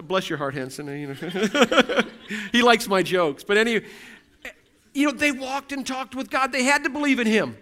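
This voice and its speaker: A man's voice: high voice, sharp tone. A middle-aged man preaching a sermon as pastor, earnest and building through repeated questions. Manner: earnest, repetitive rhetorical questions.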